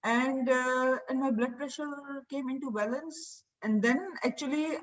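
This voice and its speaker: A woman's voice: high-pitched, fairly even intonation, unhurried. Woman healer, chatty storyteller, distant lo-fi mic. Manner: chatty, frequent fillers and restarts. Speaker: healer and seed therapy teacher. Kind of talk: personal storytelling. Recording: distant, dull lo-fi sound.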